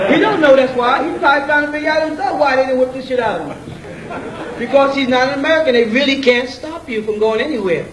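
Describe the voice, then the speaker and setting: A man's voice: very high-pitched, animated, normal speed, long pauses, a crowd in the background. A man giving an informal lecture to a group, blunt and casual, constantly checking in with questions like "you know what I'm saying?". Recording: echoey room, mic at a distance, faint ambient noise.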